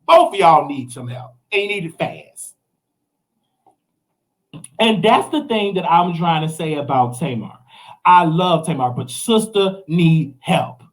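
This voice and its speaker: A man's voice: a little high, lively intonation, a little slow. Preachy Southern American man ranting. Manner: preachy, mocking, acts out quotes in other voices. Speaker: host. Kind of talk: animated commentary rant.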